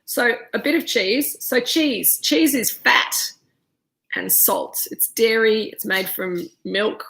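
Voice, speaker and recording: A woman's voice: mid-range voice, gravelly, fairly bright tone. A woman leading a casual live wine tasting class, chatting freely while chewing cheese. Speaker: winemaker leading a virtual tasting.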